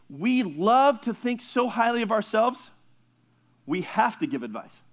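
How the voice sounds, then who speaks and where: Male pastor with a high voice, teaching scripture conversationally, quizzes and teases the class. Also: big pitch swings, measured pace. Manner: conversational, asks the class questions, jokes with listeners. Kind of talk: teaching sermon.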